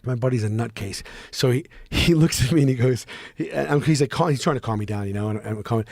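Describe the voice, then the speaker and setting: A man telling a story in a casual talk, animated and expressive, swearing freely and acting out what others said. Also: medium pitch, quick pace, gravelly, no echo, studio quality. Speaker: podcast guest.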